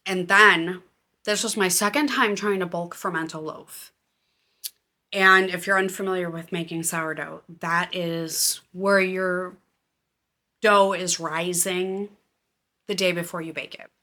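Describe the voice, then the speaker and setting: A woman hosting a casual knitting and crafts podcast, chatty and excitable with a self-deprecating manner. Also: fairly low pitch. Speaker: podcast host. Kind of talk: casual chat.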